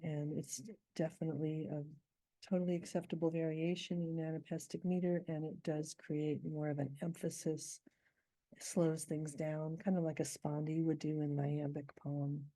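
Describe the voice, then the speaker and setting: Low, gravelly-voiced woman explaining poetic meter. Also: flat delivery, warm tone, no echo. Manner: thoughtful, measured, with slow chanted poem reading. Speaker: poet teaching meter. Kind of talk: reading a poem and explaining its scansion.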